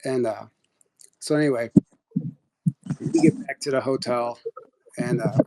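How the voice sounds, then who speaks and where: A man's voice: mid-range voice, a little slow, mellow. A young man casually telling a personal story on a live audio chat, rambling, full of restarts and quoted dialogue.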